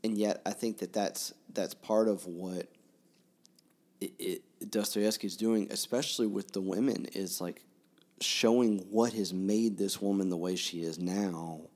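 A man's voice: on the low side, steady tone, a little slow, darkish tone. A man co-hosting a podcast, talking casually about a novel with many restarts and fillers. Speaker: podcast co-host. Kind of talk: casual book discussion.

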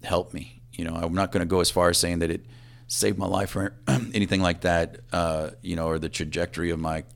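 A man in his fifties, an assistant chief of police, reflects on a personal story with a low, level voice and some vocal fry. His telling is halting, and his thoughts often trail off softly.

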